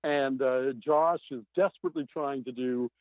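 A novelist being interviewed, talking in an animated, emphatic way with many fillers over a remote line. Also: male voice, medium pitch, normal speed, no echo. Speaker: novelist guest. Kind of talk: podcast interview. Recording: tinny phone-like line.

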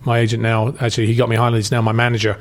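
A middle-aged man who acts, chatting casually with rambling anecdotes and quick put-on voices. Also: medium pitch, monotone. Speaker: actor guest. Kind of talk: casual chat.

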